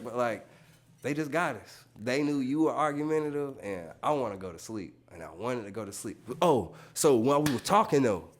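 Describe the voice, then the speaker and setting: A tattoo artist tells stories on a podcast in loose, slangy, swear-heavy speech, acting out quotes with sudden jumps in his voice. His voice is mid-range, animated, and brisk.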